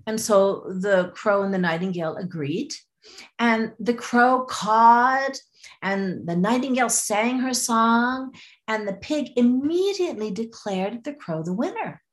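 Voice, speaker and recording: A woman guest on a podcast interview, telling a fable in a lively way and acting out voices. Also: a little high, normal speed. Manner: lively, acts out voices, frequent restarts. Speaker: storyteller guest.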